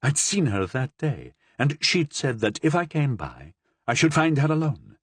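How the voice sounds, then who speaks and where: A man's voice: mid-range voice, very animated, normal speed, breathy edge, dry recording. A man voicing a jealous, hot-headed young marquis who talks in an agitated, indignant way. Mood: insistent.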